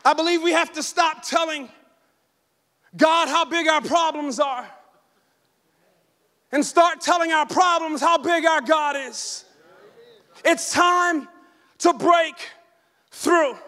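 A man in his forties delivers a sermon in a very high, bright voice, rising to shouts and calling out for the congregation to answer. A long reverb from the church hall trails behind every line. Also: takes it slowly, pauses often. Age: 40s. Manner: shouting, call-and-response preaching. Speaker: pastor. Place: church sanctuary.

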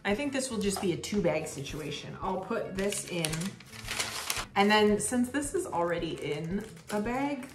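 Here the same kind of scene plays out: a young artist narrates her order-packing vlog, talking to herself brightly and somewhat chaotically with an occasional curse. She speaks expressively at a slightly slow pace in a medium pitch, over background music, with roomy sound and a noisy backdrop.

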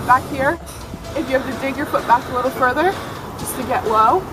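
A woman's voice: sits high, brisk, music in the background. A young woman leading an outdoor workout, giving upbeat step-by-step cues and encouragement. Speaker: fitness instructor. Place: outdoors in a beach park with benches.

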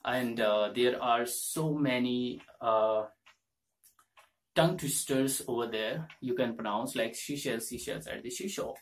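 A man's voice: mid-range voice, measured pace, recorded from a distance. A young man with an Indian English accent teaches pronunciation to his viewers. He speaks casually and repeats words and tongue twisters many times so learners can copy the sounds. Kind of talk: casual spoken lesson.

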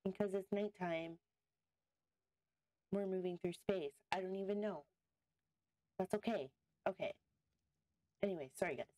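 Woman gaming host, middle-pitched and dry, chatty, thinking aloud and talking to viewers. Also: unhurried, pauses often, dry recording. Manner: chatty, talks to viewers and to in-game creatures; easily excited, thinks aloud. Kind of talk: casual let's-play commentary.

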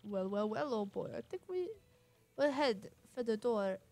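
A woman's voice: on the high side, animated, measured pace, a little mellow. A woman voicing a hearty old-fashioned male sailor with a put-on British accent.

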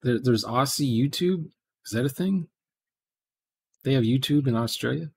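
A man's voice: medium pitch, moderate pace, vocal fry, husky. A man, casually chatting with viewers during a live programming stream, rambling and thinking aloud.

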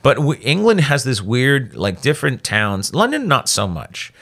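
A male comedian guest on a podcast, telling profane, animated stories and slipping into put-on English accents. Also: mid-range voice, moderate pace, gravelly. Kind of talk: casual podcast chat, storytelling. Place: recording studio.

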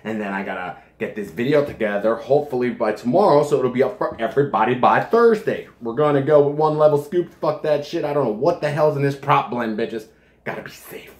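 A man's voice: medium pitch, expressive, a little fast, roomy sound. A man reviewing a supplement in a casual vlog from his home kitchen, joking and swearing as he rambles.

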